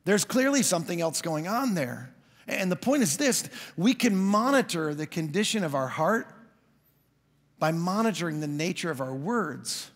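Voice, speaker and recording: A man preaching a sermon as a pastor, telling stories in a conversational way with quick asides. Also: fairly high pitch, sing-song. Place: church hall. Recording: long hall reverb.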